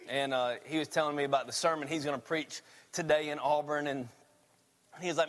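A man with a high voice preaches a sermon, telling stories in a loose, animated way and laughing along. His voice carries a long echo like a church hall. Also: quick pace. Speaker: pastor.

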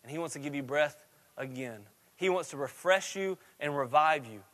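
A man preaching a sermon, with a repetitive cadence that swings from quiet and low to loud and rising. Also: expressive, moderate pace. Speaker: pastor.

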